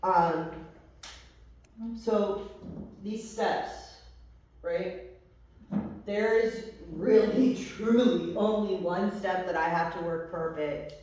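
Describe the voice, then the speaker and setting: With a low, slightly mellow voice, she draws out her words and leaves long pauses while giving her recovery testimony. This young adult woman speaks candidly to the group, swearing and using plenty of fillers, in an echoey room recorded from afar.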